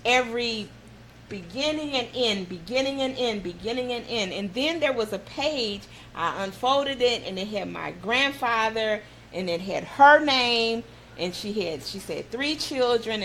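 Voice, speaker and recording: Heartfelt motivational talk show hostess. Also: female voice, on the high side, lively intonation, a little slow, a bit bright, slight background noise, rough recording. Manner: heartfelt, encouraging, personal storytelling.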